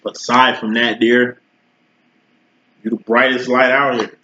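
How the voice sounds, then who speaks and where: A man's voice: mid-range voice, level tone, unhurried, sharp tone. A man giving a casual tarot reading, talking straight to the viewer in slangy, profane, conversational speech. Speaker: tarot reader. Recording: roomy, dull lo-fi recording.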